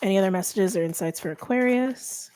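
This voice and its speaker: A woman's voice: mid-range voice, fairly quick, dark tone, clear, resonant tone. A middle-aged woman giving a casual tarot reading, chatty and thinking aloud with many fillers. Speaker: tarot reader.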